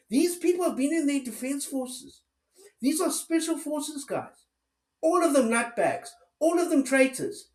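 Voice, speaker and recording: A man giving an angry political rant, swearing heavily and firing off sarcastic rhetorical questions. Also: very high-pitched. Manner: furious, heavy swearing. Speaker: political commentator. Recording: roomy echo.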